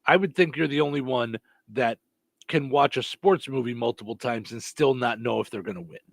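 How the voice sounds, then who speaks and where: A man's voice: mid-range voice, normal speed, creaky, no room sound. A man co-hosting a morning radio show, chatting casually, teasing his co-host and reading out listener messages.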